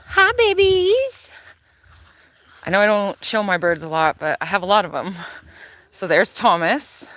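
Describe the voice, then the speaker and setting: A woman giving a casual, chatty tour of her backyard garden outdoors, talking into a handheld phone and using plenty of fillers. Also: fairly low pitch. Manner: chatty and relaxed, with frequent fillers. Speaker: gardener showing her property. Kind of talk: casual live-stream chat.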